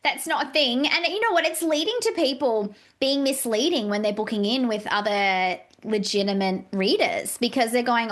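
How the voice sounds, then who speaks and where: A woman's voice: fairly high pitch, moderate pace, hardly any pauses. A woman who is a psychic medium, a guest on a casual podcast, talking animatedly and acting out quoted dialogue. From Australia. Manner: animated, acts out quoted dialogue, many "like" fillers.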